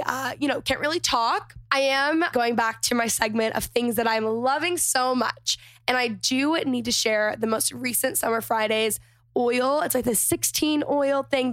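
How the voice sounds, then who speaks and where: A woman's voice: high-pitched, fairly bright tone, no room sound. Chatty woman podcast host, tired voice. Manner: chatty, enthusiastic, gushing. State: slightly lost voice, tired. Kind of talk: casual podcast intro and ad read.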